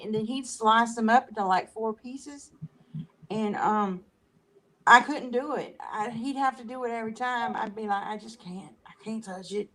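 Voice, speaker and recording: A middle-aged woman in casual chat, retelling family stories in an animated way. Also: fairly high pitch.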